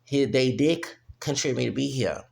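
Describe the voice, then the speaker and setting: A man's voice: mid-range voice, moderate pace, vocal fry, a little mellow. A man, ranting heatedly and profanely in a vlog, often breaking off with "okay?". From United States. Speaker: vlogger. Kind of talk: heated opinion rant.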